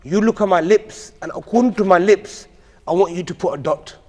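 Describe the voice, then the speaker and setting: A man's voice: high-pitched, a little fast, a little mellow. A man voicing a stern old male grammar scholar who gives firm instructions, in a lesson story told in a mosque. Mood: instructing. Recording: long reverb of a mosque hall.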